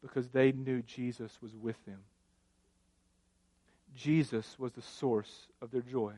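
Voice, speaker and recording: A man in his thirties preaching a sermon, telling stories with animated swings between loud passages and hushed ones. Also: medium pitch, slow, dry recording. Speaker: pastor.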